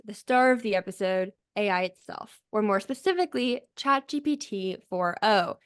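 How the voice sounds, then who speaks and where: A woman's voice: medium pitch, clear, resonant tone, no echo, studio quality. A woman co-hosting a marketing roundtable, talking casually with lots of filler words. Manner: chatty, many filler "like"s. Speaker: host. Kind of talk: casual chat.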